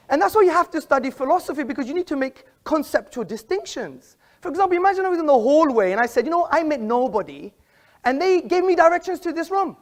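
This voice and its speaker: Man, debate speaker, emphatic, combative, formal argument, auditorium. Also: very high voice. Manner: emphatic, combative, quotes books.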